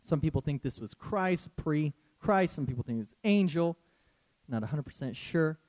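A man preaching a sermon as a pastor, animated and conversational, often breaking into laughs. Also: a little high, normal speed.

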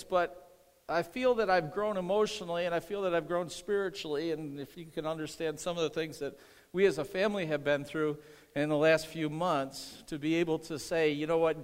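A man's voice: on the high side, clean tone, big-room sound. A middle-aged man preaching a sermon as pastor, earnest, repeating phrases and calling for amens.

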